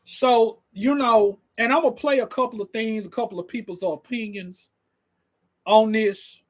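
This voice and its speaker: A man hosting a casual commentary stream, excitable and laughing, who stumbles, repeats words and keeps talking straight to his audience. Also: sits high, normal speed, faint music behind. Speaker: host.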